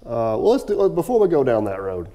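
A man hosting a casual podcast chat, sarcastic and quick to laugh, often trailing off into rambling asides. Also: mid-range voice, huge pitch swings, in a large hall, lo-fi sound. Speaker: podcast host.

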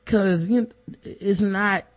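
A man co-hosting a casual news discussion podcast, talking in an animated way and acting out the voices of people he quotes. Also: high-pitched, slow pace. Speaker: podcast co-host.

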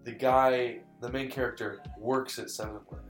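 A man's voice: mid-range voice, level tone, normal speed. A young man telling a creepy story in casual chat, rambling and stopping to correct himself. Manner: rambling, restarts and apologizes, says dude and bro. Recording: echoey room, faint guitar music.

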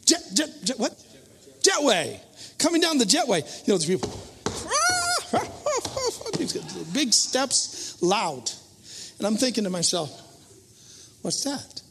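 A man preaching a sermon as a story, self-mocking and animated, acting out his own thoughts in loud voices. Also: very high voice, takes it slowly, long reverb tail, noisy background.

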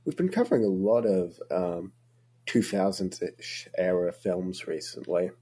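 Husky, low-voiced man on a podcast. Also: lively intonation, measured pace, dark tone. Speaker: podcast co-host. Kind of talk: casual chat.

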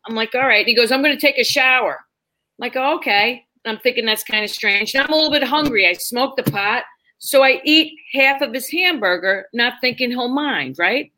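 A woman's voice: on the high side, poor audio. A middle-aged woman, a stand-up comedian, telling a story casually and acting out the people in it. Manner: animated, acts out quotes in the story.

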